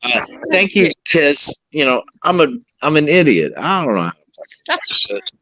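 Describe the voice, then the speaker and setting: A man co-hosting a livestream in casual chat, flustered and swearing, with halting restarts. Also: on the high side, big pitch swings, pushed and bright, no room sound, low-quality recording. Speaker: livestream co-host.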